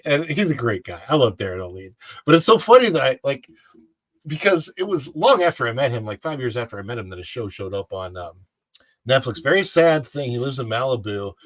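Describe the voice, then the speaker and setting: A man's voice: mid-range voice, very animated, brisk, fairly bright tone, no echo. Rambling man in casual chat. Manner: rambling, many fillers and restarts. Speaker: co-host.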